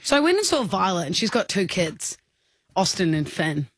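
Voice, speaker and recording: A woman's voice: fairly low pitch, moderate pace, slightly rough, no echo, clean studio sound. A woman with an Australian accent co-hosting a drive-time radio show, telling a funny story and acting out voices. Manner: animated anecdote, acting out kids' voices with laughs. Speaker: radio co-host.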